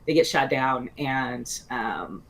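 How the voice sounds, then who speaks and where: A woman's voice: very deep voice, lively intonation, slow, fairly bright tone. A woman in her forties, a guest author in a casual interview, telling stories in a rambling way with many fillers and restarts and frequent laughs.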